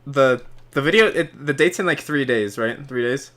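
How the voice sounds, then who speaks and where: A man's voice: medium pitch, moderate pace, fairly bright tone. A young man co-hosting a podcast, teasing the others and giggling. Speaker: podcast co-host. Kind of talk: casual chat.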